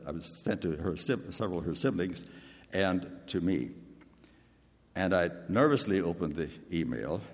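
Older male preacher, big deep voice, earnest storytelling sermon, reverberant hall. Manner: earnest, personal storytelling with restarts.

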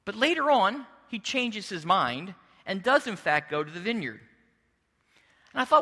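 A middle-aged pastor delivers a sermon with a storyteller's flair, often slipping into voices for the people he describes. His voice sits high and bright and swings widely in pitch, and the recording carries the long reverb of a large church hall. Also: a little slow. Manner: expressive storyteller, switching into character voices.

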